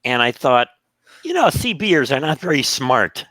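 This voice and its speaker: A man's voice: mid-range voice, measured pace, dry recording, studio quality. A man casually telling stories on a podcast, acting out the voices of the people in them. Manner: animated, acts out quoted voices. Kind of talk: casual storytelling.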